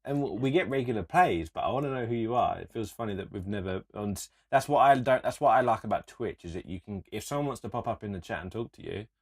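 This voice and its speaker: A young man, co-hosting a casual podcast and telling stories in an animated, sweary rant. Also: lowish voice, quick pace, hardly any pauses, slightly rough. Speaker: podcast co-host. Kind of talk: casual chat.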